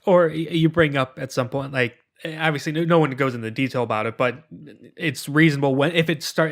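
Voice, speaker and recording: A man co-hosting a podcast, talking in a relaxed, conversational way about running a tabletop game. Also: on the high side, a little fast, few pauses. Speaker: podcast co-host. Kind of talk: casual tabletop game chat.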